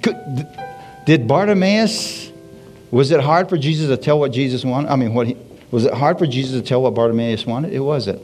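A man preaches at a middling pitch, animated and repetitive, breaking in with hallelujahs. A soft guitar plays quietly underneath. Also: moderate pace. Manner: animated, repeats phrases, frequent hallelujahs. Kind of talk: sermon.

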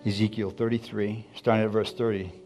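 A man preaching a sermon in a church. He keeps asking the congregation for responses and drops into quiet asides between loud, emphatic points. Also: lowish voice, level tone, brisk, faint music behind. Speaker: pastor.

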